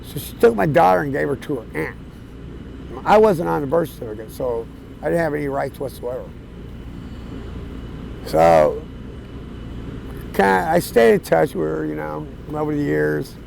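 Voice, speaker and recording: A man of around 60 telling his life story outdoors on a city street, plain-spoken and casual, with fillers and soft chuckles. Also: fairly high pitch, lively intonation, normal speed, creaky, long pauses, slight background noise, rough recording. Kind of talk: candid storytelling.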